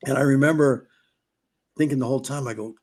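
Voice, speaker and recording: A man's voice: medium pitch, steady tone, quick pace. A middle-aged man from California tells old racing stories on a podcast. He rambles loosely, breaks off and restarts his sentences, and slips into the voices of the people he quotes. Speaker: podcast guest, former off-road racer. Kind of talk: casual storytelling.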